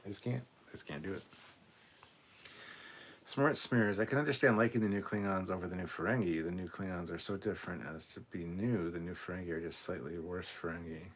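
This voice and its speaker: A man co-hosting a relaxed livestream chat from a room at home, reading viewer comments aloud and swearing freely. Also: low-pitched, brisk. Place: home room cluttered with costumes.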